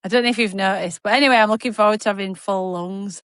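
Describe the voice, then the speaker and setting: A woman's voice: mid-range voice, fast talker, fairly bright tone, clean tone, no echo, clean studio sound. A woman, co-hosting a podcast in a chatty, rambling, self-mocking way and laughing easily. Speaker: podcast co-host. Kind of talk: casual chat.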